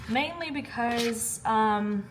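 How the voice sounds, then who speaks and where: A chatty woman vlogs casually from home, joking, laughing and swearing freely. Her voice sits a bit high, she is recorded on a handheld phone, and faint noise can be heard behind her. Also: takes it slowly. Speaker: vlogger. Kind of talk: casual vlog chat. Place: at home during a storm.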